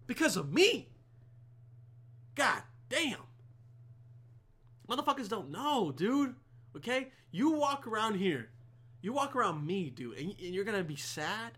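A man's voice: very high voice, very animated, unhurried, long pauses, a bit bright. A young man delivering a rambling, profane comedic rant to camera with heavy swearing. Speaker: vlogger.

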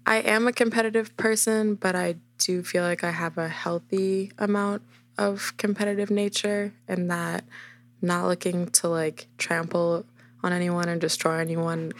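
Earnest low-voiced woman guest. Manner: earnest, reflective, some restarts. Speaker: guest, dancer. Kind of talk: candid interview answers.

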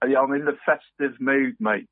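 A man's voice: mid-range voice, steady tone, normal speed, dry recording. A man co-hosting a podcast in casual chat, laughing often and calling everyone mate. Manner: chatty, laughs often, says "mate" constantly. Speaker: podcast co-host. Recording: tinny phone-like line, dry.

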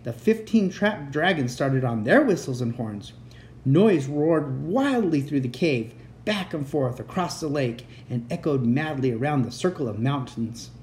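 A man reading a children's chapter book aloud as a bedtime story, with expressive narration. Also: on the high side, a little hiss or hum.

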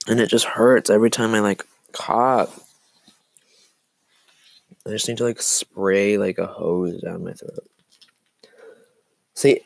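A young man chats alone on his podcast in a slow, rambling, self-deprecating way. His lowish voice is phlegmy and worn from coughing. The sound is dry and close, with no room around it. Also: fairly even intonation, creaky, no room sound. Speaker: podcast host. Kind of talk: casual solo podcast chat.

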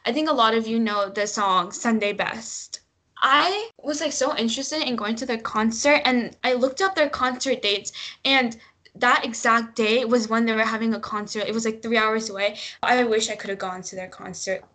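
A woman's voice: on the high side, moderate pace, bright, forceful tone. A young woman co-hosting a podcast, rambling in casual chat with many fillers and frequent laughs. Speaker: podcast co-host.

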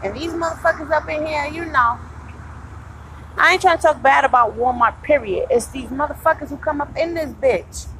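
A woman's voice: high-pitched, normal speed, a bit bright, slight background noise, poor audio. A tired woman in pain, venting bluntly and profanely about customers at her retail job in a casual podcast monologue.

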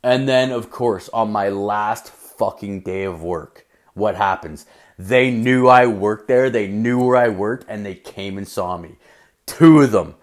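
A man's voice: fairly low pitch, measured pace. A young man telling a personal story in a casual, rambling way, swearing constantly and filling his sentences with "like".

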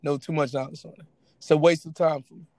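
A man co-hosting a casual podcast chat, talking in an animated way with laughs and teasing asides. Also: a little high, quick pace, dry recording. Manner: animated, laughing, mocking impressions. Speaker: podcast co-host.

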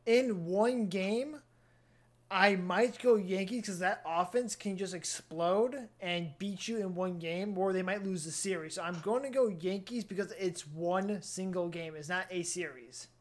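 A man co-hosting a casual sports talk show, easygoing and agreeable, with quick asides. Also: high voice. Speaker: sports podcast co-host.

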